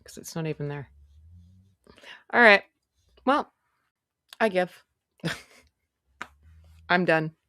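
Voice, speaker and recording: A woman's voice: lowish voice, animated, extremely slow, long pauses, pushed and bright, no room sound, studio quality. A woman hosting a casual livestream, chatty and self-mocking, muttering to herself as she goes. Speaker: livestream host.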